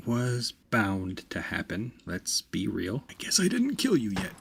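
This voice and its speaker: A man hosting a let's play, commenting on the game with loud, profane reactions and self-mocking jokes. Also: fairly low pitch, huge pitch swings, a little slow, gravelly, few pauses, faint music behind. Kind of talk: gameplay commentary.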